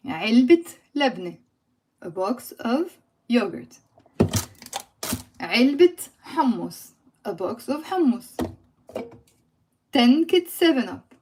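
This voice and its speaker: A young woman with a Lebanese accent leads a live language lesson. She keeps asking her viewers questions and switches easily between Arabic and English. Her voice sits a little high. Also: darkish tone. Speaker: language teacher.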